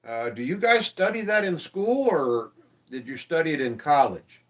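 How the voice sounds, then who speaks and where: A man's voice: a little high, animated, normal speed. A man hosting a live-stream show, chatting casually and in a friendly way with his viewers and asking them questions.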